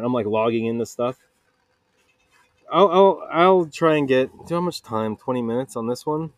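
A podcast host with a voice on the low side rambles through a solo, casual monologue, joking about himself, digressing, and quoting people in put-on voices. He records in a makeshift home vocal booth with no room sound.

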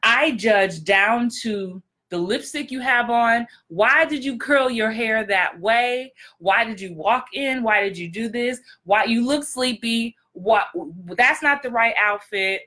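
A woman's voice: on the high side, takes it slowly, sharp tone. A woman acting coach hosting a podcast, talking in a direct, blunt, emphatic way with repeated punchlines. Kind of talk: casual podcast monologue.

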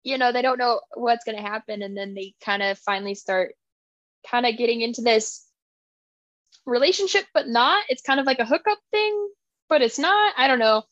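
A high-pitched woman chatting about a book she loves, slipping into quick little voices for the characters as she retells scenes. The sound is dry and a bit dull, close and lo-fi. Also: dry recording. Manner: animated, acts out characters' lines while retelling. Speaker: podcast co-host. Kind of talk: casual book chat.

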